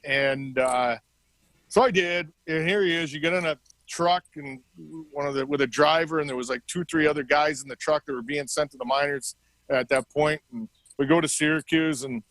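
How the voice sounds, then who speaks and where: A man's voice: fairly high pitch, moderate pace, dry recording, rough recording. A middle-aged man telling stories casually as an interview guest, acting out the dialogue as he goes. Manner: animated storyteller acting out quoted dialogue. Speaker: interview guest, former hockey player. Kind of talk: casual storytelling.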